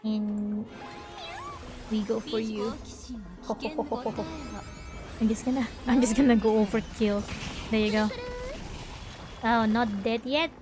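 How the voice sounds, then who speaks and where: Female streamer, high voice, animated play-by-play with faint background music. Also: unhurried, pauses often. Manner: animated, laughing, sudden loud outbursts. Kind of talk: casual gameplay commentary, reading dialogue aloud.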